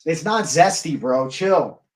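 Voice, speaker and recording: A man's voice: fairly high pitch, lively intonation, slow pace, no echo. Profane, hyped male MMA streamer. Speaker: MMA livestream host. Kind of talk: casual livestream chat.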